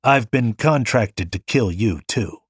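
A man reads as a cool male hitman in an audiobook, his lines measured and businesslike. The voice is low and husky, set in a dry, close room. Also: lively intonation, no room sound, exaggerated voice. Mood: calm. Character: cool, formal male hitman of few words.

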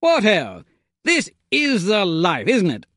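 A man voicing a foppish, excitable young upper-class gentleman with theatrical, plummy exclamations. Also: sits high, takes it slowly, no room sound, clean studio sound, voice pushed up, heavily acted. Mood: exclaiming. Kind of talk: audiobook character voice.

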